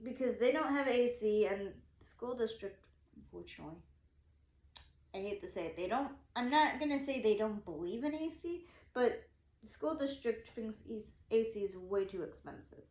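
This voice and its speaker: A vlogger recounts her day in a casual, excitable ramble, full of "I'm like," restarts, and acted-out dialogue. Her voice is on the high side, moves at a normal speed, and sounds reverberant.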